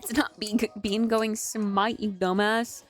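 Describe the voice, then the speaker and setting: A woman's voice: mid-range voice, fairly even intonation, a little slow. A woman in her twenties, a streamer in casual live-stream chat, giggly and chatty with lots of "like". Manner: giggly, chatty, filler-heavy with "like".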